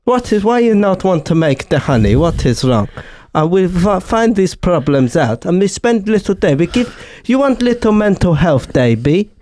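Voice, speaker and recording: A man's voice: high voice, sing-song, moderate pace, hardly any pauses, darkish tone. A man playing a silly interviewee who speaks in simple, broken English and coaxes a bee like a counsellor. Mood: coaxing. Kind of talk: comedy podcast role-play.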